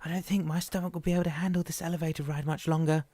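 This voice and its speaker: A man reading an audiobook, voicing a frightened young wife who cries out and pleads, pitched well above his own voice. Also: level tone, very fast, dark tone, dry recording, studio quality. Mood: anxious. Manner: crying out, pleading.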